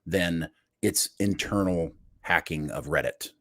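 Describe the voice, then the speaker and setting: A man hosting a podcast in casual chat, animated and teasing as he steers the talk. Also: low-pitched, takes it slowly, no room sound, studio quality. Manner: animated and teasing, leading the show. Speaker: podcast host.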